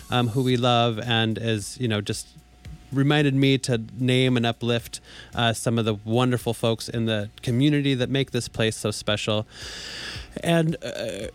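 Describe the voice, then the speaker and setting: A man's voice: mid-range voice, clear, resonant tone. A man in his forties hosting a community radio show, talking casually with lots of fillers. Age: 40s. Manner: warm, halting, many fillers. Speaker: radio host.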